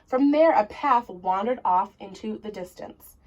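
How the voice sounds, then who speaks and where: A woman reading a children's story aloud in an expressive, deliberate way. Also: mid-range voice, low-quality recording.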